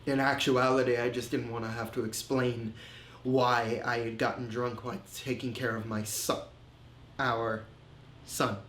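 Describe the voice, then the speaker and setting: An actor playing a remorseful man confessing his drinking and insecurity, telling it slowly and haltingly in a film monologue. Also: medium pitch, flat delivery, fairly bright tone, slight background noise, close to an everyday voice. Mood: reflective. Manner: slow, halting, reflective storytelling. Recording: roomy echo.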